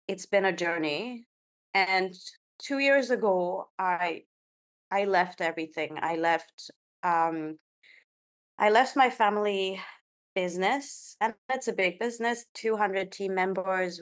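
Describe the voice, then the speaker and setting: A woman's voice: lowish voice, smooth. A woman in her thirties from India, chatting as a podcast guest in a rambling, conversational way. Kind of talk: casual conversational interview.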